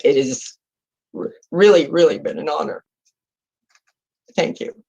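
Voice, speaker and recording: A woman's voice: sits low, unhurried, gravelly, darkish tone, husky, highs cut off. A woman in her sixties from California, a retiring public defender giving heartfelt, emotional farewell remarks over a video call, close to tears.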